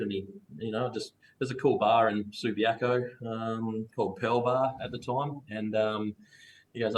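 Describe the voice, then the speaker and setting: A man from Perth with an Australian accent tells his story in a loose, casual way, full of slang and detours. His voice sits low and stays fairly even in pitch. A faint hum runs underneath the call audio. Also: a little slow, rough recording. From Perth, Western Australia. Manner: laid-back, rambling, casual slang. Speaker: guest. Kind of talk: relaxed storytelling interview.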